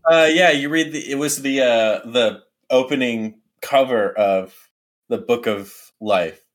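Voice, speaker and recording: A man's voice: mid-range voice, unhurried. A man co-hosting a casual movie podcast, playful, laughing a lot and telling anecdotes. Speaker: podcast co-host.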